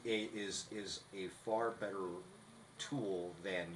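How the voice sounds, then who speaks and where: Low-voiced man teaching acting craft. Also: steady tone, takes it slowly, a little hiss or hum, rough recording. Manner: instructive, restarts often. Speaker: podcast co-host. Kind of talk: casual podcast chat.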